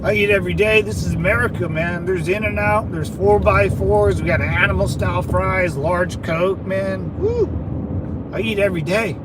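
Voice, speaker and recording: Middle-aged guy rambling on a livestream, kinda high voice, lots of brother and man, noisy outside. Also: measured pace. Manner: loose, rambling, slangy, calls viewers brother. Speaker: livestream host. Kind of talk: casual livestream chat reading viewer comments.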